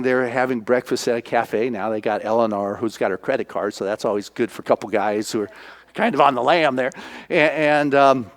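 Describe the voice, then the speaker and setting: A male minister preaching, retelling a film as an animated storyteller who acts out the voices. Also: medium pitch.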